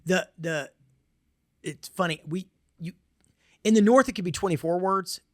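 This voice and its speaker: Southern US man, middle-aged presenter, fairly high voice, punchy and repetitive, dry close sound. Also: moderate pace, no room sound. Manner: emphatic, repetitive, folksy asides. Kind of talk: conference presentation.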